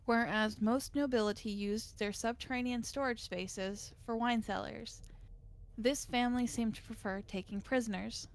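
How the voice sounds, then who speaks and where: A woman streamer narrating a visual novel in a steady, measured reading voice. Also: a little high.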